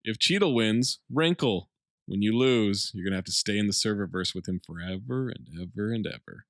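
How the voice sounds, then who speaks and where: A man recaps a film scene by scene in an easy podcast chat. He slips in deadpan asides as he goes. The mic is close and dry. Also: lowish voice, normal speed, vocal fry, dry recording. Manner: plot-summarizing, dry jokey asides. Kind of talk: casual movie recap podcast.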